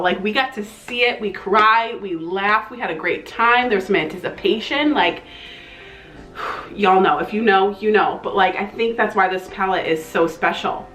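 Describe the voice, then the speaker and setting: A young woman with a twang, gushing excitedly as she reviews a makeup palette in a casual vlog. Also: mid-range voice, roomy sound, rough recording. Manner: gushing, excitable, slangy, with breathy exclamations. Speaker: beauty vlogger.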